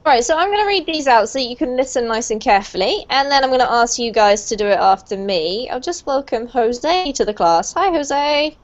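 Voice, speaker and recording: A woman's voice: on the high side, animated, fairly quick, few pauses. A woman teaching English pronunciation to an online group class, encouraging and praising her students. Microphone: video call. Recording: muffled lo-fi video call audio.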